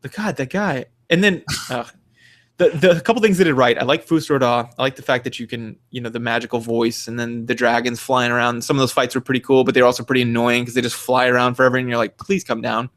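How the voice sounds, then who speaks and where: A young man in casual podcast chat, ranting with animated energy and plenty of swearing. His voice sits at an ordinary middle pitch, and he slips into quick mock voices to make a point. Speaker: podcast co-host.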